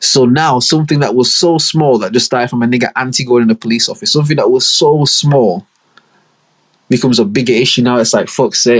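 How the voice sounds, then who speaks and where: A man's voice: medium pitch, a little fast. A young man hosts a podcast alone and tells a rambling, profane story full of street slang. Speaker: podcast host. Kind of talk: casual solo podcast storytelling.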